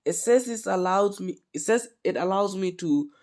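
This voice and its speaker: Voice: mid-range voice, moderate pace, pitched above the performer's own voice, close to an everyday voice. A speaker with a cold voicing an eager, stammering teenage hero boy in a casual fan story. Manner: stammering, excited. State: sick with a cold.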